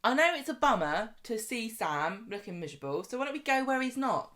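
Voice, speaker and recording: A woman's voice: a little high, big pitch swings, brisk, a bit bright. A woman doing a brash, blunt man with a put-on cockney accent. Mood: breezy.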